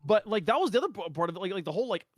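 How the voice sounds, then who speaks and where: A man's voice: sits high, very animated, no echo, clean studio sound. A man co-hosting a casual podcast chat, rambling with lots of fillers. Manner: rapid, rambling, full of fillers and restarts. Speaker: podcast co-host.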